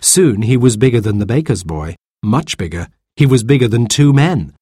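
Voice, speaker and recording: A man reads a children's story aloud with a lively, expressive lilt. His voice has a husky edge. The recording is dry and close. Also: fairly low pitch, normal speed, no room sound. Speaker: narrator.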